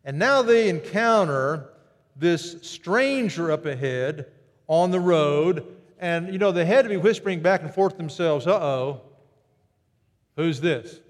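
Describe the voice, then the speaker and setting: A man preaching a sermon, animated and storytelling, who jumps his pitch up high to act out quoted greetings. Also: a little slow, long reverb tail. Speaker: pastor.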